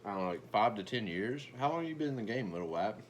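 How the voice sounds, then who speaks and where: A man's voice: lowish voice, animated, quick pace, a little hiss or hum. A young man ranting in a brash, profane, boastful comedic commentary, stumbling over restarts as he talks.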